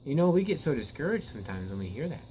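A man's voice: medium pitch, sing-song, fast, mellow, a little hiss or hum, rough recording. Earnest preacher man, emphatic bursts. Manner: earnest, repeats words and restarts, rises to emphatic peaks. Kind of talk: Bible teaching sermon.

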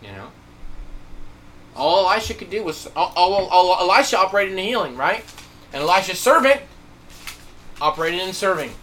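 A man preaching a sermon, telling a story with animated delivery and acted-out quotes. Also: high-pitched, moderate pace, long pauses, slight background noise.

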